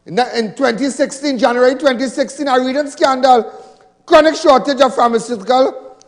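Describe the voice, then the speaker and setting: A man's voice: very high-pitched, normal speed. A Trinidadian man giving a fiery political rally speech in a large hall, emphatic, mocking and repeating his points.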